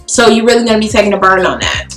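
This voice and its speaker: A woman's voice: mid-range voice, racing. A woman telling a personal story in a casual, blunt and profane way, acting out the dialogue. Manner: animated, blunt and profane, acts out quoted dialogue. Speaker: beauty vlogger telling a story. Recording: roomy echo with faint music.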